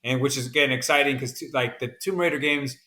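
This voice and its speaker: Laid-back man with a bright voice. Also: mid-range voice, quick pace. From American South. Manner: laid-back, says "man" often, rambling with fillers. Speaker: podcast co-host. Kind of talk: casual chat.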